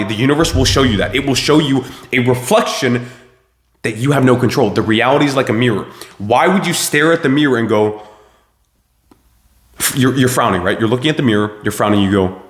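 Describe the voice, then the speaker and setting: Young male host, profane motivational rant, mid-pitched voice, roomy echo. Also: expressive, normal speed. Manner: blunt, swearing, preachy and forceful. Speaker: self-improvement video host.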